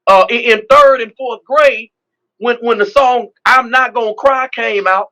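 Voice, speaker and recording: High, bright-voiced pastor. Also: male voice, unhurried, low-quality recording. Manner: emphatic, repetitive preacher cadence, frequent "man". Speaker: pastor and politician, interview guest. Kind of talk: testimonial storytelling.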